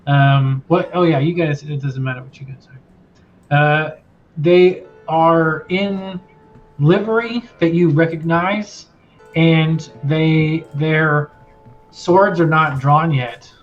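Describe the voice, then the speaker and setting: A man running a tabletop game, narrating loosely with plenty of fillers. His voice sits a bit high. The audio is dull and lo-fi, with faint background music. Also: fairly even intonation, slow. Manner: loose and rambling, many fillers. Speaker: game master.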